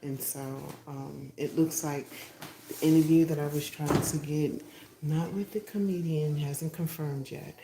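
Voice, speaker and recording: Low-voiced chatty woman, half whispering. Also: fairly even intonation, unhurried. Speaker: podcast host. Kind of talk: casual live stream chat. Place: home, walking out to a porch. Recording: echoey, noisy phone livestream.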